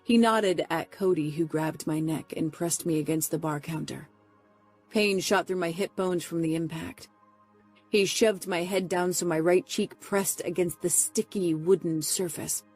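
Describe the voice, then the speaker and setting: Breathy low-voiced woman narrating. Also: fairly even intonation, a little slow, darkish tone, soft background music. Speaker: audiobook narrator. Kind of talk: first-person romance audiobook narration.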